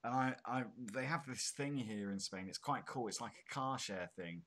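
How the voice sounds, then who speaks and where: Bright-voiced rambling man. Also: medium pitch, moderate pace. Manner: rambling, tangent-prone, chuckling asides. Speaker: host. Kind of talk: casual chat. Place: home in Spain.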